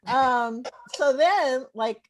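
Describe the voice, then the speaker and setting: A woman comedian in her forties doing a stand-up set, telling animated stories and laughing at her own jokes. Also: sits high, very slow. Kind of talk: stand-up set over a live stream. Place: home bar.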